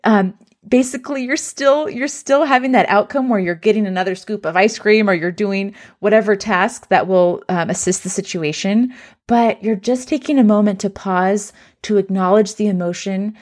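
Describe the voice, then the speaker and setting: A young adult woman hosting an educational parenting podcast, speaking in a gentle, encouraging way and modeling soothing phrases for children. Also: mid-range voice.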